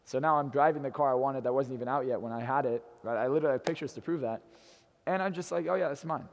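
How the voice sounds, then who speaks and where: Speaking at a quick pace with medium pitch, a young motivational speaker in his twenties delivers a brash, foul-mouthed personal story. His audience is in a hotel event room, and he sounds like he's in a large hall.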